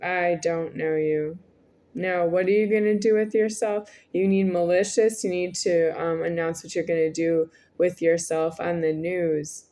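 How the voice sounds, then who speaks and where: A woman's voice: on the low side, steady tone, unhurried, warm tone. A woman in her forties speaking in a rambling, repetitive monologue to the camera, with frequent hesitations. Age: 40s. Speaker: vlogger.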